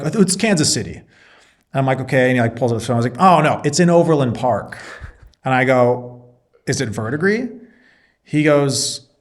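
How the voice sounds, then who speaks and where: A man being interviewed, a Marine reservist and business owner, telling a story in casual chat and acting out both sides of the dialogue. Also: medium pitch.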